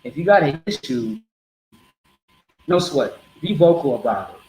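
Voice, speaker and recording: Guy preaching loud and blunt, kinda high voice, echoey spot with faint background noise. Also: sing-song, measured pace, vocal fry. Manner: blunt, streetwise, repetitive. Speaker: street preacher. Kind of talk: street teaching to a group.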